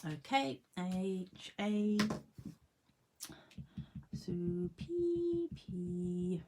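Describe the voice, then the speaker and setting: Slow-talking, lively woman crafter. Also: fairly low pitch, a little hiss or hum. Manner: chatty, talks to herself and her tools; laughs at her own jokes. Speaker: card-making demonstrator. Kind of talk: casual craft tutorial. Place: home craft room at a desk.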